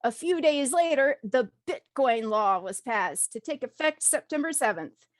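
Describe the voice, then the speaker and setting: A woman co-hosting a podcast, reading an article aloud and breaking off with blunt, laughing asides. Her voice sits high. The sound is dry and close. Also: no room sound. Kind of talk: casual chat, reading an article.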